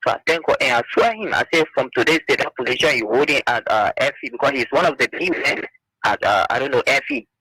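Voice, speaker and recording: A man phoning in to a radio show, telling an aggrieved story in an animated way. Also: mid-range voice, quick pace, slightly rough, no echo, low-quality recording. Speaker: radio caller.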